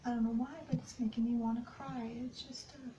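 A woman giving an intuitive tarot card reading, speaking softly and often dropping into whispers. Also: a little high, flat delivery, fairly quick, background noise. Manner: soft-spoken, slips into whispers often. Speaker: tarot and astrology reader.

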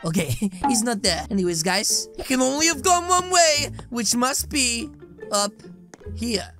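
A woman hosting a game role-play as a wolf kid, hyper and jokey, often shouting. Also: on the high side, expressive, a little slow, soft background music. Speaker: gaming channel host.

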